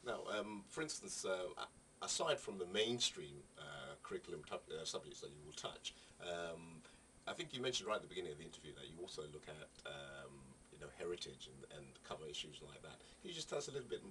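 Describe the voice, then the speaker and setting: A man's voice: sits low, sing-song, fairly quick, bright, forceful tone. A male interviewer who asks long, hesitant questions full of ums and restarts. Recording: distant mic with faint ambient noise.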